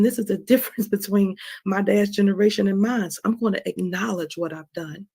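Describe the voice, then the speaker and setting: A woman's voice: mid-range voice, steady tone, brisk, few pauses, dark tone, breathy edge. A woman hosting her own stream, talking candidly and emotionally about forgiveness, with a frank, confessional way of speaking that repeats phrases and often asks "right?". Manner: frank, emotional, confessional, swears now and then. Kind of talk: candid personal talk on forgiveness.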